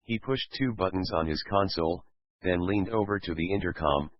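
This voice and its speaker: A man with a very low voice reads a fan fiction story aloud at a steady pace. The recording is dull and lo-fi, and dry, with no room sound. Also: moderate pace, no echo. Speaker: narrator.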